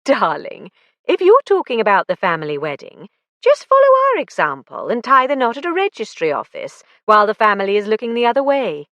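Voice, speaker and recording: A woman narrator voicing a brisk, practical young English woman with a teasing manner. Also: a little high, wildly swooping pitch, a bit bright, no room sound, pitched above the performer's own voice.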